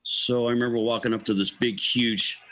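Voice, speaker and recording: A man in his sixties, a guest musician, telling a lively story in an interview and acting out the quotes. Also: mid-range voice, a little fast, poor audio. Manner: animated storyteller, acts out quotes, laughs between lines.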